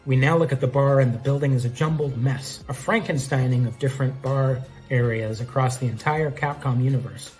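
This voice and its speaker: A man's voice: mid-range voice, a little mellow. Man casually reading his own script. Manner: casual, self-aware narration. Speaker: script reader.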